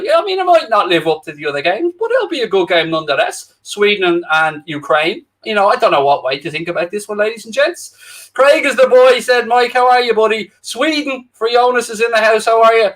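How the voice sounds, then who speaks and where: A man's voice: sits high, a bit bright. A young man with an Irish accent, co-hosting a football watchalong stream, chatting casually and jokily with viewers and reading out their comments. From Ireland. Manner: chatty, jokey, addresses viewers directly. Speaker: co-host of a football watchalong livestream.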